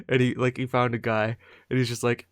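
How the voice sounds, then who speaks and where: A man's voice: mid-range voice, flat delivery, moderate pace, smooth, dry recording, clean studio sound. A man co-hosting a podcast in casual, joking chat. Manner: joking, playful, does voices. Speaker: podcast co-host. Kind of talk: casual chat on a live stream.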